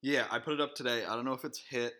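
A man's voice: medium pitch, fairly even intonation, quick pace, background noise. A young man co-hosting a podcast, talking casually and bluntly, swearing often. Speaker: podcast co-host. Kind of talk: casual chat.

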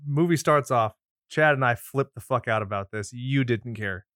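A man's voice: medium pitch, normal speed, a bit bright, no room sound. A man co-hosting a movie podcast, recapping a film with sarcastic, teasing banter and frequent swearing into a studio mic. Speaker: podcast co-host. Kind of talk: casual movie recap chat. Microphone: pop filter studio mic.

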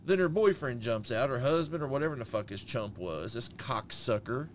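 Animated swearing middle-aged man storyteller. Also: mid-range voice, moderate pace, a little hiss or hum. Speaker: podcast co-host. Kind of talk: casual profane chat.

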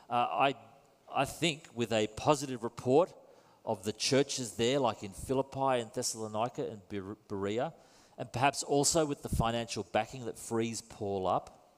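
A man preaching a sermon in a conversational, wry and self-deprecating way. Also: medium pitch. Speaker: pastor. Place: church. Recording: long reverb in a church hall.

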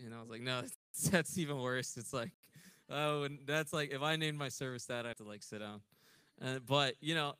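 A man's voice: medium pitch, sharp tone, no echo. A young man with a Texan accent preaching a casual youth sermon in a church, joking and chatty, with many fillers between scripture readings. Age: young adult. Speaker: minister. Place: church sanctuary.

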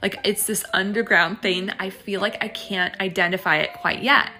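Bright-voiced woman hosting a faith podcast. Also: mid-range voice, steady tone, normal speed, soft background music. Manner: chatty and reflective, with many fillers and restarts; faith-based encouraging talk. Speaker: podcast host. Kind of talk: casual solo podcast monologue.

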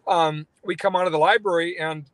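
A man's voice: sits high, steady tone, fairly quick, a bit bright, no room sound. Rambling man telling a story, dry sound. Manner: rambling, many fillers and restarts. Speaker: radio talk show host. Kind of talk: phone-in interview storytelling.

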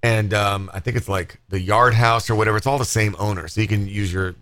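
Swearing guy hosting a podcast, bright voice, rambles and riffs. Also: lowish voice, fairly quick. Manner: profane, rambling, animated storytelling. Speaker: podcast host. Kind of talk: uncensored casual podcast chat.

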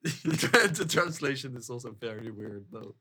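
A man's voice: medium pitch, animated, moderate pace, pushed and bright. A man guessing quiz answers in casual chat, thinking aloud and laughing a lot. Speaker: quiz guest.

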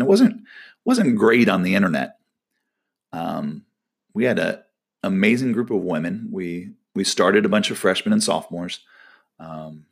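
A man with a low, gravelly voice gives a casual devotional talk as a volleyball coach. He tells a personal story, voicing the people in it as he goes. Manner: storytelling, acts out quoted dialogue.

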